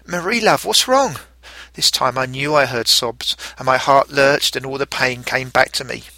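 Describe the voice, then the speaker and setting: A middle-aged man tells a first-person story in a gentle, reflective way. His voice is very bright and forward. The recording is close and dry, with no room sound. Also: mid-range voice, little pitch movement, normal speed, dry recording. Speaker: narrator. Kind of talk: storytelling narration.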